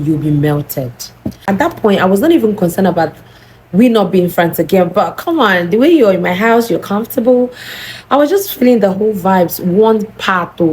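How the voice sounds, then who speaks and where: A young Nigerian woman with a Nigerian accent telling a storytime vlog, animated and acting out both sides of the dialogue. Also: medium pitch, normal speed, a little hiss or hum, low-quality recording. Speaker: vlogger.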